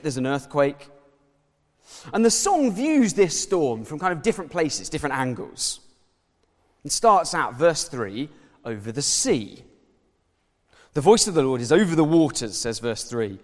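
A man preaching a sermon in a lively, conversational way, pointing to slides and props as he goes. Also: on the high side. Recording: long reverb of a church hall.

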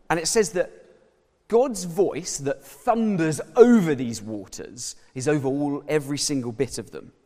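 A man preaching a sermon in a lively, conversational way, pointing to slides and props as he goes. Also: fairly high pitch. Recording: long reverb of a church hall.

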